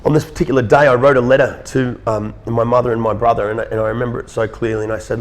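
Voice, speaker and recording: An Australian man in his thirties, an interview guest telling a personal story in an earnest, halting way, often repeating words. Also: mid-range voice, steady tone, a little hiss or hum.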